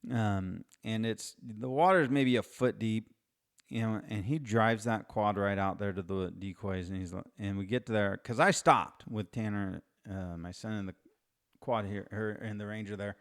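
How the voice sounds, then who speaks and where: A man's voice: fairly low pitch, normal speed. A middle-aged man hosting his own podcast, telling a casual, rambling story with restarts and wry asides. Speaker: podcast host.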